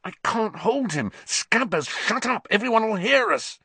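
A man voicing a hot-tempered teenage boy in an audiobook, hissing and snapping in sharp outbursts. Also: high-pitched, expressive, measured pace, breathy edge, no echo, pitched above the performer's own voice, full character voice. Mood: frantic hissing. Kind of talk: audiobook character voice.

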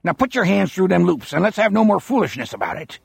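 A man's voice: sits high, fast, vocal fry, slightly rough, no echo, clean studio sound, voice pushed up, exaggerated voice. A man voicing a menacing old male killer who growls, gloats smugly and sounds out of breath. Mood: gloating threat. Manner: growling, smug, excitable.

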